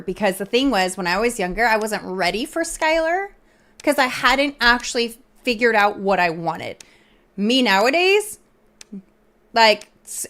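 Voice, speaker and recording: A woman's voice: medium pitch, a bit bright. A woman streamer chatting casually in a rambling way, full of fillers and restarts.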